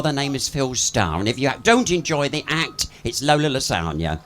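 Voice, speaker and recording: A man's voice: mid-range voice, big pitch swings, moderate pace, sharp tone. A man doing live stand-up patter on a pub stage, chatty and bawdy, swearing freely and laughing at his own jokes. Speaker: pub comedian and singer.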